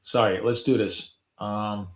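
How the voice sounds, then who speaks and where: A middle-aged day trader talks slowly in a fairly low, fairly even voice while trading on a live stream. He rambles and swears offhandedly, using many fillers, and his voice echoes around a roomy space.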